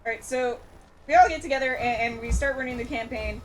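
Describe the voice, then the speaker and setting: A woman's voice: fairly high pitch, brisk, a little hiss or hum. A woman chatting eagerly on a casual gaming stream, often laughing. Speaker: stream co-host.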